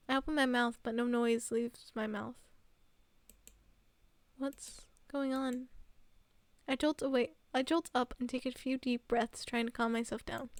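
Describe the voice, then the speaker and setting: A young woman with a high, bright-pitched voice reads a visual novel aloud to her stream. Between passages she breaks into giggly, fond, chatty asides. The sound is close and dry, with no room around it. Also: gravelly, dry recording. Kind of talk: reading a visual novel aloud with live commentary.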